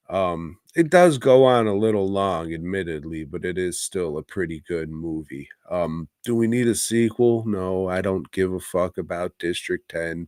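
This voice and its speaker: Slow-talking man with a low voice. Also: dry recording, clean studio sound. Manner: profane, teasing, drawling. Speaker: podcast co-host. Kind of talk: casual movie review chat.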